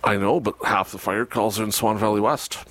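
A man speaking as a local municipal official in a casual radio interview, animated, with sarcastic asides. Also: on the low side, brisk.

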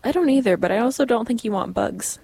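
A woman's voice: a little high, fast, vocal fry, warm tone, breathy edge, dry recording. A woman co-hosting a casual morning radio show, reading news items in a dry, matter-of-fact way. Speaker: radio co-host.

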